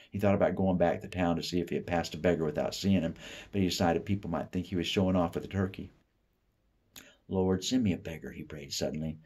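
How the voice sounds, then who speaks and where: A man from the Appalachian South giving a steady, unhurried literary reading of a short story. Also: a bass voice, slightly rough. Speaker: author reading fiction.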